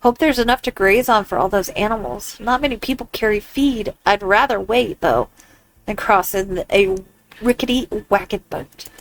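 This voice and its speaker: A woman's voice: medium pitch, normal speed, a little hiss or hum, lightly acted, low-quality recording. A woman reading the lines of a cautious pioneer aunt in a video game, in a worried tone.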